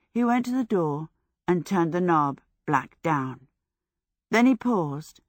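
With a voice on the low side, a woman narrates an audiobook from a script, keeping her storytelling measured and even. It's a dry, studio-quality recording.

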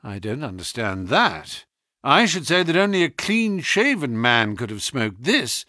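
In an audiobook reading, a man voices Sherlock Holmes, the keen, sharp-minded detective, speaking in a measured, probing, lecturing manner. His medium-pitched voice swings widely in pitch, captured in studio quality with no echo.

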